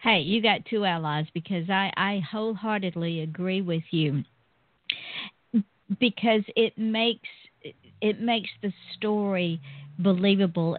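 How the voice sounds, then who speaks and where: A woman's voice: on the low side, no echo. A woman hosting a radio interview, chatty and drawing her words out. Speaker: radio host. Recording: tinny phone line.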